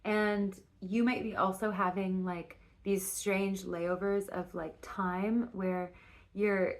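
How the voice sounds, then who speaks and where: Speaking slowly with a flat delivery and medium pitch, a tarot reader offers a casual reading. She rambles and restarts sentences, dropping in plenty of fillers and some casual swearing.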